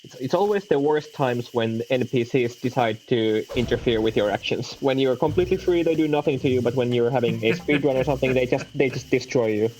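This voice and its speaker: Brief: male guest, hesitant casual chat, medium pitch. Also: a little mellow, slight background noise, rough recording. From Finland. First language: Finnish. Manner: apologetic, halting, repeats words. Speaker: stream guest.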